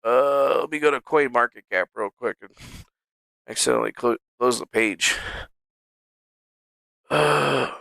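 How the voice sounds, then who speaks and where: Give me a man chatting loosely on a home livestream, swearing and joking in a bright, dry voice. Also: medium pitch, unhurried, creaky, long pauses, dry recording. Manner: rambling, profane, joking. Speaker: livestream host. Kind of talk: casual livestream chat. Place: home streaming setup.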